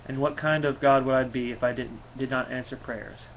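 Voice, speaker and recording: A man's voice: medium pitch, fairly even intonation, moderate pace, a little hiss or hum, close to an everyday voice. A man voicing a boastful, hearty male thunder god from a comic, speaking in a proclaiming way. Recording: dull lo-fi recording.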